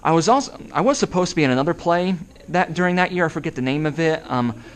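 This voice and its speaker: A man's voice: on the high side, lively intonation, fast. A young man giving a school talk about himself in a plain, matter-of-fact manner. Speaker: guest speaker. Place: school classroom.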